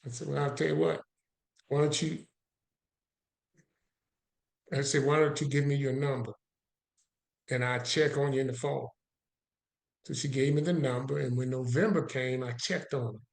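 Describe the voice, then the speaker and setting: A man's voice: mid-range voice, normal speed, vocal fry, pauses often. Man telling a story in a roomy space. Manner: animated storyteller who acts out both sides of a dialogue. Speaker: guest. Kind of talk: storytelling in a podcast interview.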